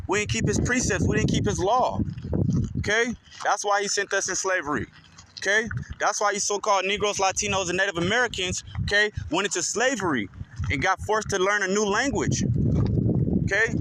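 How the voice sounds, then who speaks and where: A man with a high voice teaches scripture in an informal way, slowing down to read each verse and then breaking it down with a steady "okay?". He is recorded outdoors, and heavy noise fills the background. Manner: reads verses slowly, then explains with a constant "okay?". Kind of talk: informal scripture reading and commentary.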